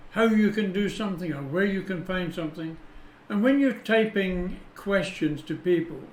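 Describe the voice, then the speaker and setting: A man teaching English punctuation, patient and deliberate, stopping to spell out each rule. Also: sits high, slight background noise. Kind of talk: explaining punctuation with read-out examples. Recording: echoey room.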